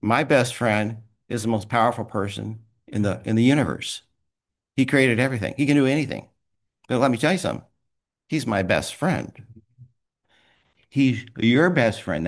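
A man leads a small men's group at a private meeting, delivering a rambling, conversational devotional talk and prayer. He laughs often and speaks at a normal pace in an expressive, mid-range voice.

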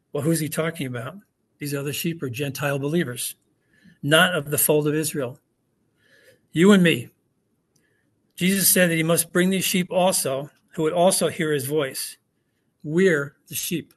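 A man preaching a sermon, his voice sitting a bit high. He talks in a relaxed way and keeps asking rhetorical questions of the congregation. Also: moderate pace. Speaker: pastor. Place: church hall with congregation.

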